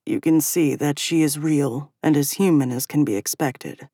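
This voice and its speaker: A woman's voice: sits low, moderate pace, warm tone, no echo, clean studio sound. A woman voicing a composed male king who speaks firmly and with control. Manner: firm, controlled.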